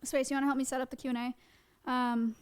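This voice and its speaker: A woman wildlife educator talking fast, with many fillers, in a casual live-stream presentation. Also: high-pitched, flat delivery, smooth.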